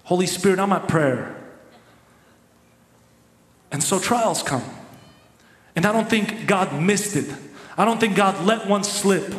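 High-voiced male preacher in an echoey hall. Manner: emphatic, repetitive preaching. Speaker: pastor. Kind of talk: sermon. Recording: echoey hall with long reverb.

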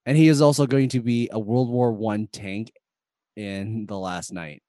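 A man's voice: fairly low pitch, fairly even intonation, measured pace, dark tone, no room sound, studio quality. A man co-hosting a casual movie podcast, rambling through film trivia with frequent fillers. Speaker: podcast co-host. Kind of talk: casual movie-review chat.

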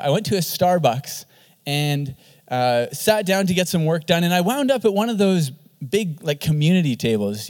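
A man who is a pastor, preaching an animated sermon and often repeating words for emphasis. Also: high-pitched.

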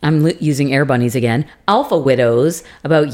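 A woman co-hosting a podcast, chatting casually with animated, sarcastic remarks and frequent swearing. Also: extremely low pitch, fairly quick, few pauses. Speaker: podcast co-host. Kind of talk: casual chat.

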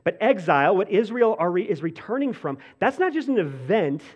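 Heard through a muffled recording, a pastor whose voice sits high preaches a little fast. His talk is conversational and full of "like" and restarts, alternating animated bursts with hushed, soft sections.

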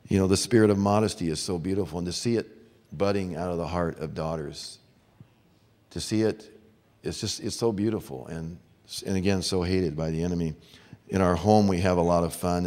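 A man's voice: low-pitched, fairly even intonation, brisk, a little mellow. A middle-aged man preaching a sermon to fathers, earnest and storytelling. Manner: earnest, storytelling with acted-out voices. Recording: long hall reverb.

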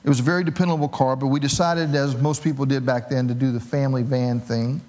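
A middle-aged man preaching a sermon as pastor, telling a personal story with animated, self-mocking humor. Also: medium pitch, fast talker.

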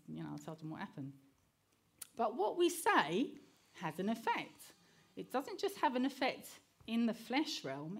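A middle-aged woman giving an earnest sermon, mixing personal stories with scripture and often checking in with the listeners by asking "okay?". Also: fairly low pitch. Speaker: preacher.

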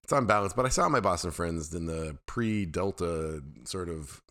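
A man's voice: low-pitched, lively intonation, moderate pace, fairly bright tone. A middle-aged man hosting his own podcast, talking candidly and at length in a loose, rambling way. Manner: rambling, candid, self-deprecating. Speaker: podcast host. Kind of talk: casual solo monologue.

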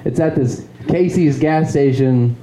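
Dark-voiced rambling male storyteller. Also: fairly high pitch, a little slow, echoey room, a little hiss or hum, low-quality recording. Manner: rambling, filler-heavy, laughs at his own story. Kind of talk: live storytelling. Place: live show in a small venue.

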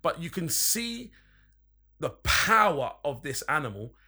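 Bright-voiced, sweary storyteller. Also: male voice, on the high side, sing-song, unhurried, slightly rough. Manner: rambling, sweary, emphatic. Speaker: podcast storyteller. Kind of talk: casual anecdote telling.

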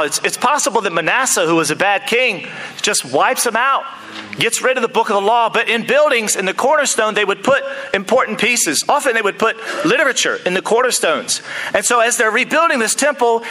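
Man preaching in church, high bright voice, jokey asides to the crowd. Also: poor audio. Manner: lively, joking asides to the congregation. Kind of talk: sermon.

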